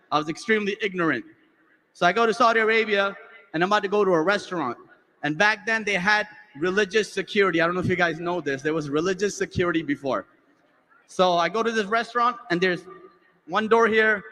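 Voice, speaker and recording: A man's voice: big-room sound, a little hiss or hum, poor audio. A man from the United States hosting on stage, telling a stand-up anecdote and acting out the dialogue. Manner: animated storyteller, acting out dialogue with lowered voices. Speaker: emcee host. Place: large convention hall stage.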